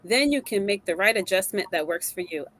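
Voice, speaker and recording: A woman co-hosting a casual talk show, animated and emotional, laughing often. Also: mid-range voice, a little fast, low-quality recording. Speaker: co-host.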